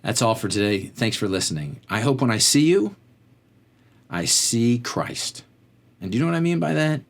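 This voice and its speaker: A man's voice: mid-range voice, sing-song, moderate pace. Guy hosting a faith podcast, chatty and rambly, voice all over the place, goes off on tangents. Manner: conversational, fills with "like". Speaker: podcast host. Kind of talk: faith-based motivational talk.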